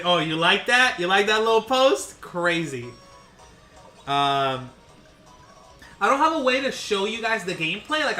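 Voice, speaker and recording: A tired young man streaming a game, chatting with viewers in an excitable, rambling way and swearing now and then. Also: on the high side. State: tired, short on sleep. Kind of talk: casual live-stream chat while gaming.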